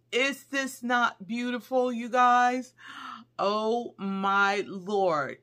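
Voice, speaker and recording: Lady doing a haul vid, crisp bright tone, gets all squealy and excited. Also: a little high, slow. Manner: chatty, excitable, squeals with delight. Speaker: haul vlogger. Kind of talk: casual haul video chat.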